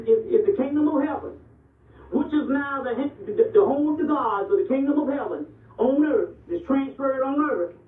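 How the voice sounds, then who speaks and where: A man with a high-pitched voice lectures bluntly, profanity and all, and keeps checking that his listeners follow him. He sounds thin and phone-like, as if he is far from the microphone in an echoing room. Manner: blunt and profane, repeatedly asks "you see what I'm saying". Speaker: lecturer on ancient Egyptian history and religion. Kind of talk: animated street-talk lecture. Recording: distant, echoey, phone-like lo-fi recording.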